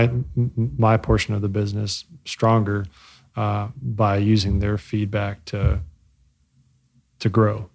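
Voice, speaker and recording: Man, low gravelly voice, flat delivery, halting reflective interview answers. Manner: halting, many fillers and restarts; reflective, searching for words. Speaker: bike company co-founder. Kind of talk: casual interview.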